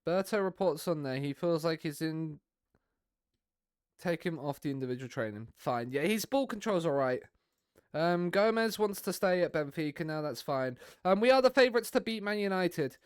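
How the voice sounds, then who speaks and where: A man's voice: on the high side, lively intonation, normal speed, smooth, dry recording, studio quality. A young man streaming a football management game, chatting casually with viewers in a rambling way. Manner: rambling, chatty, talks to viewers while playing.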